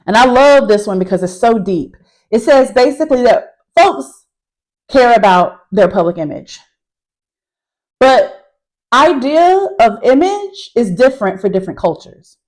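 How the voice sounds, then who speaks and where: A woman with a fairly high voice chats to camera from her parked car, recapping a class she teaches at college. Animated and emphatic, she keeps saying y'all to viewers; the audio is rough.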